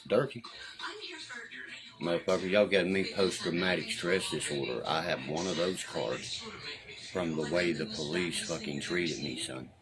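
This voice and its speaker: A man's voice: low-pitched, normal speed, crowd noise, poor audio. A man telling a story in a casual, agitated way, swearing constantly. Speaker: storyteller on a live stream.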